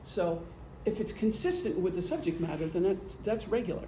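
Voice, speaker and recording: A woman's voice: fairly low pitch, moderate pace, warm tone, a little hiss or hum. A middle-aged woman, a retired police officer, giving a casual, joking talk to a meeting and acting out gestures as she goes. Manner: chatty, joking, acts out gestures. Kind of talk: casual lecture. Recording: echoey meeting room.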